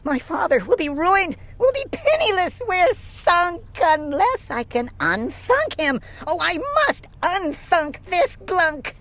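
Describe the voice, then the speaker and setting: A woman voicing a frantic little girl in a storybook read-aloud, shrill and panicky. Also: huge pitch swings, unhurried, hardly any pauses, a bit bright, a little hiss or hum, exaggerated voice.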